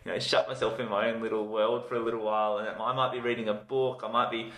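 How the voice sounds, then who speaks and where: Man co-host, rapid enthusiastic chat, echoey room. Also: lowish voice, flat delivery, fairly bright tone. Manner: enthusiastic, uses lots of "like" and "you know". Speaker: podcast co-host. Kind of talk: casual chat. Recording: roomy echo.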